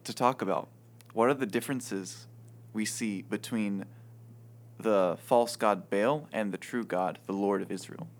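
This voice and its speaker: Low-voiced hesitant young leader. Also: male voice, a little slow. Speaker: guest small group leader. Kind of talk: leading a discussion.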